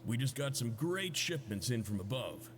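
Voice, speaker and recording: A man's voice: medium pitch, lively intonation, moderate pace, natural voice. A man voicing a polite cafeteria cook in a video game who serves a duke with courteous deference. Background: game music.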